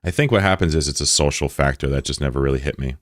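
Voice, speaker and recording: A young American livestreamer with a rumbling low voice talks fast, chatting casually with his live audience, joking and stumbling over words in other languages. The recording is clean studio sound with no echo.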